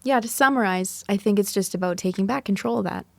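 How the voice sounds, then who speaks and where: A woman's voice: mid-range voice, fast, gravelly, darkish tone, no echo. A woman co-hosting a podcast, speaking in an encouraging, agreeable and reflective way in casual chat. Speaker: podcast co-host.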